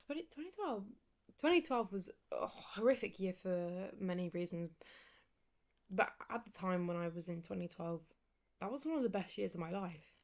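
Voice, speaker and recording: A woman's voice: fairly low pitch, lively intonation, moderate pace, darkish tone. A young woman, chatting casually in a rambling, sleepy way and often dropping into a whisper. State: sleepy, yawning. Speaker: vlogger. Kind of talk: casual chat.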